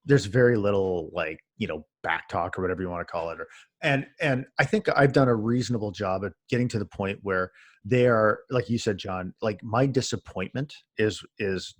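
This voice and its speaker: A man, a husky voice, chatting casually as a podcast co-host and telling an animated, swearing story. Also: fairly low pitch, normal speed. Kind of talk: casual chat among friends.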